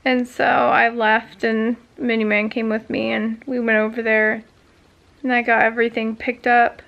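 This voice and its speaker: A woman's voice: fairly high pitch, little pitch movement, moderate pace, vocal fry, highs cut off. A woman vlogger chatting casually, telling a long story with many fillers and asides. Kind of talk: casual chat.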